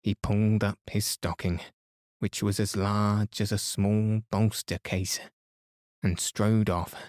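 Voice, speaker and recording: Calm guy reading a bedtime story real slow, dry close sound. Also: fairly low pitch, no room sound. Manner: calm, soothing. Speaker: podcast host and reader.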